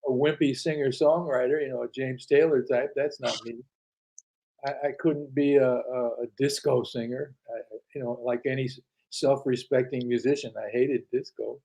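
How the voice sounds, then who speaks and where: A man's voice: medium pitch, steady tone, normal speed, creaky, mellow, low-quality recording. An older man telling anecdotes as an interview guest, acting out quoted dialogue with frequent restarts. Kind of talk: casual storytelling interview.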